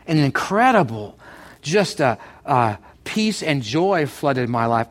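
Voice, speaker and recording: Man, middle-aged, pastor, sermon, fairly high voice, animated, repeats words. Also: a little slow. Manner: animated, builds to excited bursts; stumbles and repeats words often.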